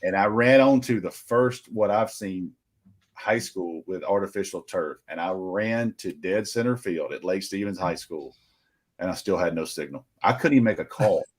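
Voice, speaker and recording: A middle-aged recruiting reporter with a low voice tells a rambling story casually at a moderate pace, acting out what each person said with quoted dialogue.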